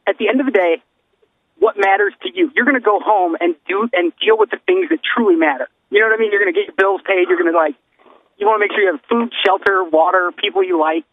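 A man's voice: high voice, sing-song, quick pace, creaky, no echo, phone-quality sound. A man co-hosting a podcast, talking in a casual, earnest, rambling way. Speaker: podcast co-host. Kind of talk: casual chat.

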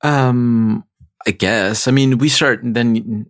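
A man's voice: mid-range voice, steady tone, slow pace. A young man co-hosting a podcast, talking in casual chat with a hesitant, hedging manner. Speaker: podcast co-host.

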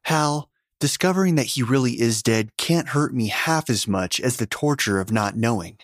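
A man reads a story in a mid-range, expressive voice at a moderate pace. He voices a grieving, determined young woman, pitching slightly above his own natural voice and keeping close to everyday speech, with a tight, strained, defiant delivery. The recording is studio quality with no room sound.

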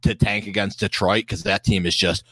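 A man's voice: on the low side, fairly even intonation, moderate pace, a bit bright. A man guesting on a sports podcast, chatting casually with a nasal voice, rambling and restarting his sentences. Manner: self-deprecating, rambling with restarts.

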